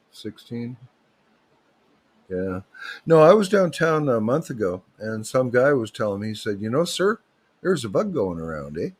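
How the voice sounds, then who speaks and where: A man hosts a livestream, rambling from one topic to the next. His talk is loose and joking, with plenty of restarts. He speaks at a medium pitch into a desk mic. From Canada. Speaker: livestream host.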